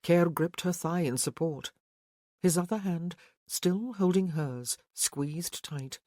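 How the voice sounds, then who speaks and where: This is an audiobook narrator reading a romance novel slowly and evenly in a middle-pitched voice. The recording sounds close and dry, without any echo.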